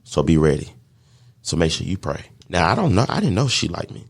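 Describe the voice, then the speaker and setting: A man's voice: low-pitched, big pitch swings, brisk, a little hiss or hum. A man, a catering business owner, telling his story in a casual podcast chat and acting out his own past thoughts.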